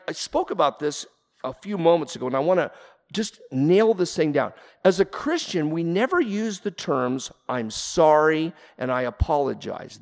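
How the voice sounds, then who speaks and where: A man preaching a sermon as pastor, earnest and emphatic, rising to forceful peaks. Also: sits high, long reverb tail.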